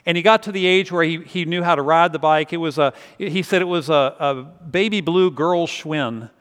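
A man's voice: on the high side, moderate pace, fairly bright tone. Man preaching in a reverberant hall. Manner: conversational storytelling, repeats words as he goes. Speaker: pastor. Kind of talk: sermon. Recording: long reverb of a large hall.

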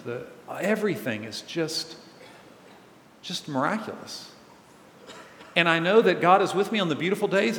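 A man's voice: fairly high pitch, a bit bright, slight background noise. A male pastor preaching a sermon in a conversational, earnest way, asking his congregation questions. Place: large church hall. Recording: echoey hall with long reverb.

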